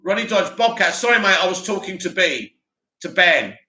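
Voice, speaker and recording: A man hosting a live stream, chatting casually and answering viewer comments in an animated way. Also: high voice, moderate pace, echoey room. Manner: chatty, animated, mocks a dramatic voice.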